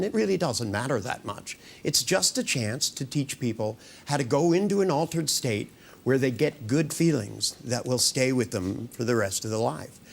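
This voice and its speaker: A man working as a hypnotist, leading volunteers through a live induction in slow, soothing patter. He keeps repeating "that's right" and slips in playful jokes. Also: mid-range voice, gravelly. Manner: playful, joking with the audience.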